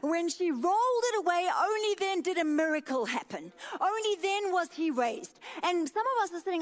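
A woman's voice: extremely high pitch, expressive, moderate pace, hardly any pauses. A woman pastor in her thirties preaching a sermon with an emphatic, repetitive cadence.

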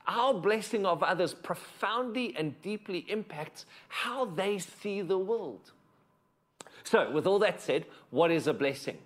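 A man preaching a sermon as a pastor, moving between emphatic points and hushed, intimate passages. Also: sits high, expressive, a little slow.

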